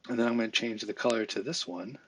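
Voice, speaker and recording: A man talking through a software tutorial in a casual, think-aloud way, with fillers and small asides as he works. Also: mid-range voice, fast, breathy edge. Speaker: visual effects tutorial instructor. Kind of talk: screen-recorded software tutorial.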